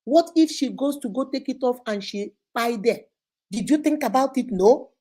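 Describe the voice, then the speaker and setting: Animated woman scolding her audience. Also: a little high, moderate pace. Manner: animated, preachy, scolding rhetorical questions. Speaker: advice show host. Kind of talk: casual advice commentary.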